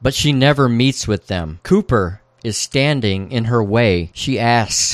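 A man's voice: animated, a little slow, hardly any pauses, no echo. Man recapping a show, dry close sound. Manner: recounts scenes, reading out quoted dialogue with raised pitch. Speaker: podcast co-host. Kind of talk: casual recap discussion.

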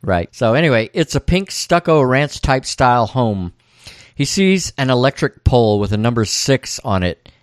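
Man calmly retelling scenes on a podcast. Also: mid-range voice, moderate pace, clean tone, dry recording, clean studio sound. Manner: steady play-by-play retelling of scenes. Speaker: podcast co-host. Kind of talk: casual recap discussion.

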